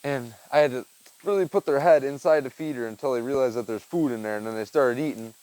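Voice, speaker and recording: Out in a backyard with a chicken coop and tool bench, a young man talks fast in a mid-range, slightly mellow voice while working on a chicken feeder. The wearable-mic recording is dry and rough, and his casual, rambling vlog is full of "dude" and "man."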